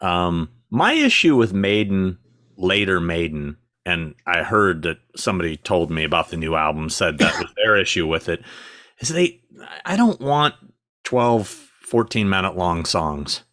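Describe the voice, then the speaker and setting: A man's voice: low voice, sing-song, measured pace, fairly bright tone. A middle-aged man co-hosting a casual live chat, reading out viewer questions with short, dry asides. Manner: reads out viewer comments, brief dry asides.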